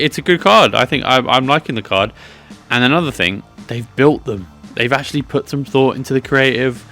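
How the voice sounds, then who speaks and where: A man's voice: lowish voice, bright, forceful tone. A man hosting a casual wrestling predictions vlog, chatty and rambling with lots of fillers and restarts. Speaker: wrestling channel host.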